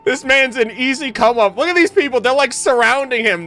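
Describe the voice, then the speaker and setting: A young man streaming a game reaction, animated, laughing often and breaking off to joke with his chat. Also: very high voice, a little fast.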